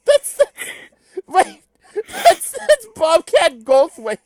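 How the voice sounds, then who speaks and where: A woman streamer reading a webcomic aloud, chatting in a giggly, lively and self-deprecating way. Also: high-pitched, measured pace, dry recording. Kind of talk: casual chat on a live stream.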